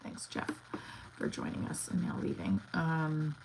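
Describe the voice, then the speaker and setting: A woman with a low voice chatting on a casual livestream. She rambles from one thought to the next, restarting sentences and dropping in lots of fillers. It sounds loose and unscripted. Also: animated, measured pace, creaky, background noise. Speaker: actor and comedian livestreaming.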